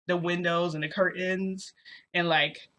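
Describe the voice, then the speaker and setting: Young woman, storytime vlogger: bright tone, chatty and loose, lots of "like," addresses viewers directly. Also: on the low side, little pitch movement, a little slow. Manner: chatty, peppered with "like" and "you know"; talks straight to viewers. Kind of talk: casual first-person storytelling.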